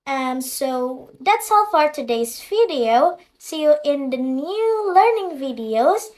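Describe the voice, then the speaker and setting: Slow high-voiced woman teaching grammar. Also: very animated, darkish tone. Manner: clear deliberate explaining, reads out example sentences. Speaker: English teacher.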